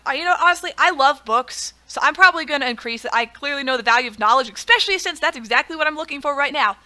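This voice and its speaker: A woman's voice: high voice, animated, fast talker, few pauses, sharp tone. A young woman giving casual, chatty gameplay commentary, self-deprecating and laughing often. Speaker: gaming video creator.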